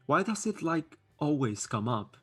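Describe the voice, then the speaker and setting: A man's voice: fairly high pitch, big pitch swings, unhurried, fairly bright tone, slightly rough. Casual streamer, male, non-native English speaker, hesitant and chatty, faint music underneath. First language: not English. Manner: chatty, hesitant with many fillers and restarts. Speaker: livestream host reading chat. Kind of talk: casual live-stream commentary.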